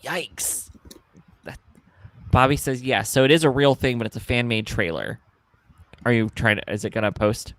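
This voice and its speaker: A man co-hosting a casual late-night chat, rambling and excitable, often trailing off mid-thought. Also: medium pitch, normal speed, long pauses, no echo. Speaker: co-host.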